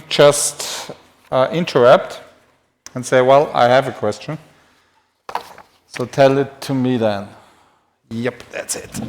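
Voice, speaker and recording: A man's voice: a little high, a little mellow. A man who speaks natively gives a live-streamed anatomy lecture in English, chatty and self-deprecating, writing on a board as he talks.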